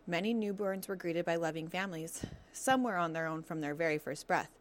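A woman reading a children's novel aloud as narrator, telling the story in a steady, expressive way. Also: fairly low pitch, a little fast.

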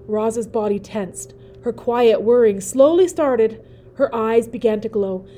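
A woman reading a children's novel aloud, narrating in a gentle, expressive way. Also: on the high side, slow.

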